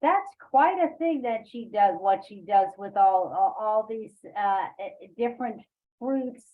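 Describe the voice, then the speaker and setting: A woman leading a poetry workshop, talking haltingly with many fillers and restarts. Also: mid-range voice, expressive, phone-quality sound. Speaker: workshop leader. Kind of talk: online poetry workshop discussion.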